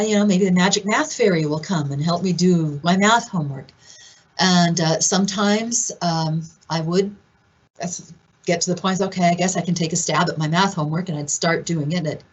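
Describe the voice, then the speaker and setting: Animated woman giving a talk, husky voice. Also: on the low side, lo-fi sound. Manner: animated storytelling, acts out quoted voices. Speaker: presenter. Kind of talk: conference talk.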